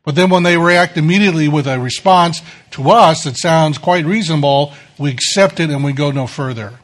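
A middle-aged man delivers a sermon in a voice that sits a little high. He speaks as a pastor, easygoing and conversational, leaning on self-deprecating stories to make his points. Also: fairly quick.

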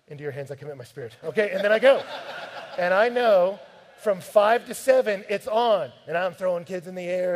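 A man preaching a sermon, telling stories from his home life in an animated, direct way. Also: fairly high pitch. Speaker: pastor.

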